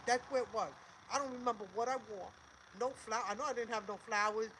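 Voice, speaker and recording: A woman's voice: fairly high pitch, fast, fairly bright tone, slight background noise, poor audio. An older woman hosting a livestream, talking emphatically and repeating herself, swearing and preaching encouragement. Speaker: livestream host. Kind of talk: emotional livestream monologue.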